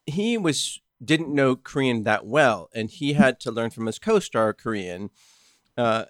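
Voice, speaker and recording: A man hosting a casual podcast chat, relaxed and conversational. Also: mid-range voice, measured pace, no echo, studio quality.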